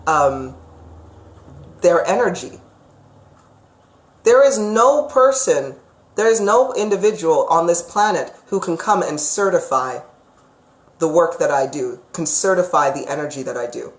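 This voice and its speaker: A woman giving psychic readings on a live stream, chatty and emphatic, sometimes ranting. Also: deep voice. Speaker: psychic reader. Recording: echoey room.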